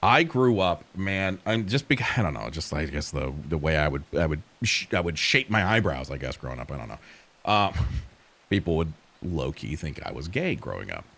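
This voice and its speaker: A man's voice: rumbling low, sing-song, normal speed, fairly bright tone. A young man streaming and chatting casually while gaming, rambling and profane, laughing at his own stories.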